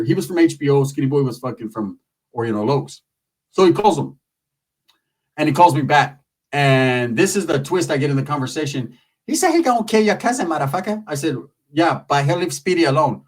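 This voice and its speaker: A man's voice: on the high side, recorded from a distance. A man telling a long comic story in casual, streetwise, profane talk.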